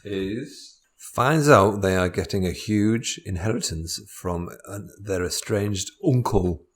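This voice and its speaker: A man co-hosts a comedy podcast, reading out story prompts. He talks slowly in a lowish voice and drops dry, wry asides. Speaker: co-host.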